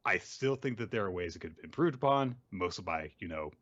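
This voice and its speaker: Male co-host, lower voice, muffled lo-fi audio, rambling critique. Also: expressive, quick pace, fairly bright tone. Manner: thoughtful, rambling with fillers. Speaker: podcast co-host. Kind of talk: casual critical chat.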